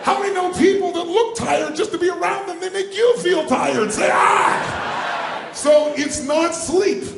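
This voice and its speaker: A man giving a live motivational seminar, energetic and firing questions at the audience so they call out answers. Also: very high voice, normal speed, vocal fry, few pauses, roomy sound, shouting, very noisy. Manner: energetic, calls out questions and prompts the crowd to answer. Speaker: motivational speaker. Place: large room with a live audience.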